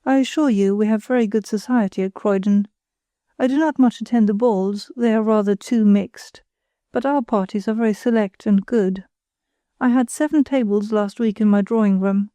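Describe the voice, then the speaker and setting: A woman's voice: medium pitch, normal speed, dark tone, no room sound, natural voice. A woman reading the part of a pretentious, self-satisfied married woman who chatters condescendingly. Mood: patronizing.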